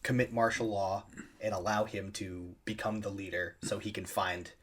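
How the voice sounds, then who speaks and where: A man's voice: on the low side, level tone, normal speed. A man casually recapping a movie scene by scene on a podcast, tossing in loose quoted lines. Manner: retells scenes with loose, offhand voiced quotes. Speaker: podcast co-host.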